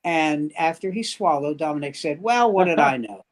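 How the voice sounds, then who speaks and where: A little high and expressive, the voice belongs to an older New York man, a longtime standup comic on as a guest. At a moderate pace, he drifts through wry anecdotes in easygoing storytelling talk.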